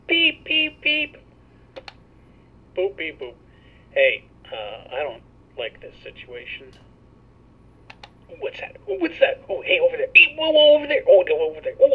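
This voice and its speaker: A man's voice: sits high, husky, pitched above the performer's own voice, heavily acted. A man doing a whiny little droid, tinny speaker. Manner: playful, mock beeping and whiny pleading. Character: small silly droid claiming to be trapped. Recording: tinny audio from a small toy speaker.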